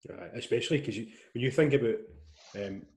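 Fast-talking male interviewer. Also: mid-range voice, gravelly, darkish tone. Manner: rambling, chatty questions with fillers. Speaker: podcast host, interviewer. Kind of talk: casual interview chat.

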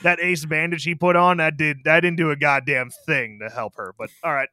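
A man's voice: a little high, brisk, sharp tone, no room sound, studio quality. A young man co-hosting a casual film review podcast, laid-back and joking, swearing freely. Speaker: podcast co-host.

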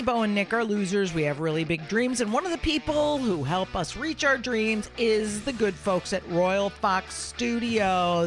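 Brash woman with a lively voice. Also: mid-range voice. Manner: brash, profane and joking. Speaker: co-host reading a sponsor ad. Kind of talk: casual ad read.

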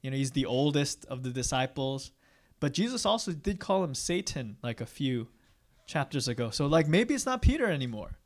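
A man's voice: medium pitch, sing-song, moderate pace. A young man preaching a casual, conversational sermon, candid and self-deprecating, often tagging "right?" onto his points. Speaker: pastor.

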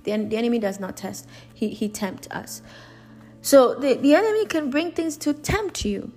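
A woman's voice: fairly high pitch, normal speed, a little mellow, soft background music. A woman preaching a sermon in an earnest, emphatic way, repeating and restarting her phrases.

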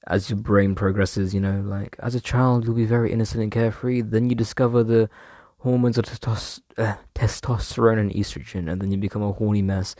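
A young man rambles casually through a podcast monologue from a room at home, trailing off and making slangy jokes at his own expense. His voice is fairly low, flat and dark, brisk with hardly any pauses, and the studio sound is clean with no echo.

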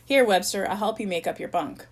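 A woman reading a storybook aloud, voicing a cheerful, bossy young male camp counselor in a bright upbeat manner. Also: medium pitch, expressive, brisk. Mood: cheery.

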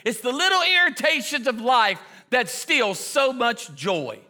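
A male pastor preaching a sermon full of comic stories, with excitable shouting bursts and quick asides. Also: very high-pitched. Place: church auditorium. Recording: preaching in a large echoing hall with audience.

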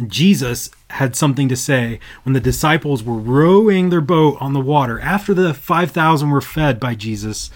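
Earnest man teaching Scripture. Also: mid-range voice. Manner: earnest, builds to emphatic bursts. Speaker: podcast co-host. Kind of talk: casual Bible study talk.

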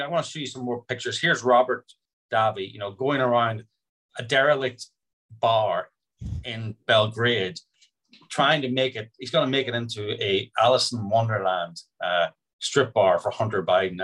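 A man's voice: mid-range voice, a bit bright. An Irish man with a mid-range voice chats casually on a podcast. He tells stories in a rambling way, stumbling and restarting his sentences as he goes. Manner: rambling storyteller, stammering restarts. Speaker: film producer and co-host.

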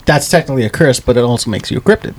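A man co-hosting a podcast in casual chat, blunt, swearing freely and quick to jump in. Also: medium pitch, expressive, a little mellow, slight background noise. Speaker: podcast co-host.

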